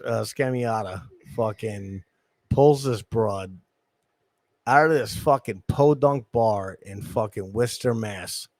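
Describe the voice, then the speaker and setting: A man's voice: medium pitch, no echo. A man hosting a casual chat, telling crude stories with lots of swearing. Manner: profane, animated storytelling. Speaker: podcast host.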